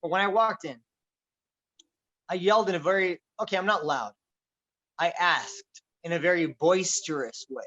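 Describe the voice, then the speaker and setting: A man hosting a casual political chat, talking in a boisterous, loud and animated way. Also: high-pitched, normal speed, pauses often. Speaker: podcast host. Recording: dull lo-fi recording.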